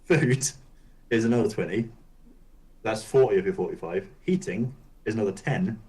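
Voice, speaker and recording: Low-voiced man rambling casually. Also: normal speed, darkish tone, poor audio. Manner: rambling, loose, swears casually. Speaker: podcast co-host. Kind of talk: casual gaming chat.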